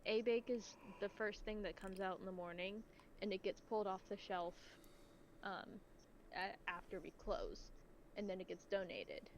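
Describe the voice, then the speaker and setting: A woman's voice: mid-range voice, lively intonation, normal speed, a little hiss or hum, rough recording. A woman telling a casual, exasperated story about her bakery job, full of likes and ums. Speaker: bakery worker telling stories.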